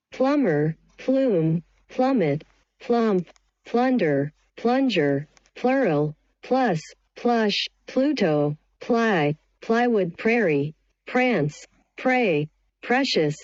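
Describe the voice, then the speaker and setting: A woman's voice: medium pitch, no echo, muffled recording. A woman reading English vocabulary words one at a time, each evenly spaced. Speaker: vocabulary reader. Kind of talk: slow word-list reading.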